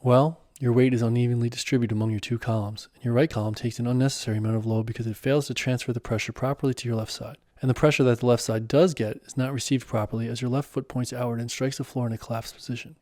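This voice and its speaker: A man voicing a calm, wise male mentor who speaks in a serene, unhurried way and teases gently. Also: mid-range voice, no echo, clean studio sound, close to an everyday voice. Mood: explaining.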